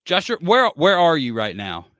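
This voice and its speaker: A man's voice: a little high, wildly swooping pitch, measured pace, fairly bright tone, no echo, clean studio sound. A man co-hosting a podcast in casual chat, rambling and stop-start as he jokes around. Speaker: podcast co-host.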